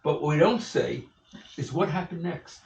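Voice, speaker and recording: An older man in his sixties giving an animated storytelling speech to an audience at an event, acting out the people he quotes. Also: a little high, normal speed, creaky, slight background noise. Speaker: event speaker. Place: event hall. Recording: echoey room, far from the mic, dull sound, faint ambience.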